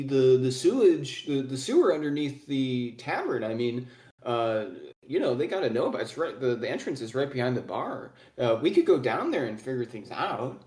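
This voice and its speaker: A man's voice: a little high, a little mellow, natural voice. A man plays a pouty, teary young outcast in a tabletop game. He rambles with fillers and restarts, sheepish and eager to be liked. The voice sits in his usual range, recorded in an echoey room.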